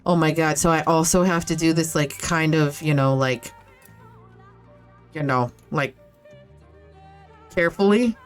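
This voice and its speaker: A woman talks through a video game on a live stream, her voice sitting a little low for a woman. She chats loosely and reacts out loud, with the odd swear. Soft game music runs underneath. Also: unhurried, long pauses. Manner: chatty, reacts aloud, swears, laughs often. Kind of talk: casual live-stream commentary.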